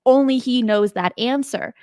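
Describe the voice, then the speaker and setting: A woman with a fairly high voice hosts a show on unexplained cases. She talks in a chatty, emphatic way and keeps asking her listeners questions. The recording is dry and close, with no room sound. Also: moderate pace, a little mellow, smooth, no room sound. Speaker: host. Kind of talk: casual spoken narration of paranormal cases.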